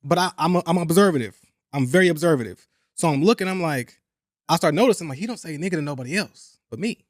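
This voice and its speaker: A young man hosting a podcast, talking in a casual, animated and profane way, repeating points for emphasis. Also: a little high, quick pace, dry recording, studio quality. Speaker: podcast host. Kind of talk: casual chat.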